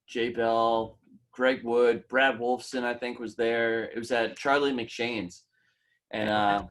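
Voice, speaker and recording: Male co-host telling a story. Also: medium pitch. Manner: anecdotal, loose run-on sentences. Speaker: podcast co-host. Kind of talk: casual storytelling.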